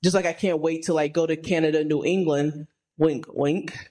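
A woman raised in Texas, co-hosting a podcast and chatting in an enthusiastic, excitable way. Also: low-pitched, moderate pace. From Texas, United States. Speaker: podcast co-host. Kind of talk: casual chat.

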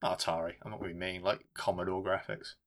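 A man's voice: low voice, little pitch movement, quick pace, a bit bright. A man co-hosting a casual film review podcast, rambling and swearing as he jokes. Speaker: podcast co-host.

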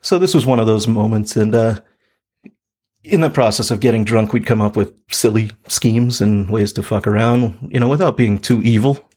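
Husky guy on a podcast, laid-back, rambling through a story with lots of ums. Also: on the low side, moderate pace, mellow. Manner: laid-back, laughing storyteller with many fillers. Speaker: podcast co-host. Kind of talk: casual storytelling chat.

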